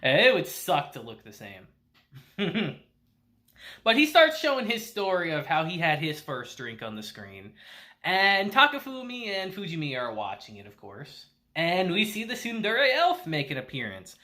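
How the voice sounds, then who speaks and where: A man's voice: on the high side, huge pitch swings, unhurried, sharp tone. A man casually recapping and reviewing an anime episode, laughing often and swearing freely.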